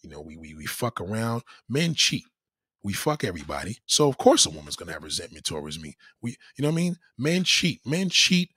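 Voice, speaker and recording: A man's voice: on the low side, sing-song, brisk, bright, forceful tone, breathy edge, dry recording, clean studio sound. A man hosting a live stream, answering his chat in a blunt, profane and boastful way. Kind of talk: casual live-stream monologue.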